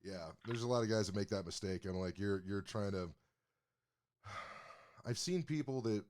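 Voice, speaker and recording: A man with a low, deep voice co-hosts a podcast in casual chat. He muses on workplace behavior in a profane, reflective way. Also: moderate pace, a little mellow, slight background noise. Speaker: podcast co-host and comedian.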